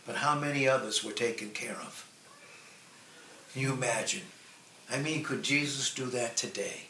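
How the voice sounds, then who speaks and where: A man preaching a sermon in a slow, earnest way, drawing out key phrases and letting line endings fall soft. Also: medium pitch. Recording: echoey room with faint ambient noise.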